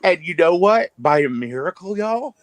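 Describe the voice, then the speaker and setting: A man telling stories on a casual livestream, animated, profane and stammering as he talks. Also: high voice, moderate pace. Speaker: streamer.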